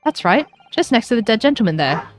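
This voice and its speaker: A woman voicing a chatty, rambling Irish gentleman witness in a put-on Irish accent, full of folksy phrases, over faint game music. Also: fairly high pitch, very animated, fairly quick, voice pushed up. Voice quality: lilting, folksy turns of phrase.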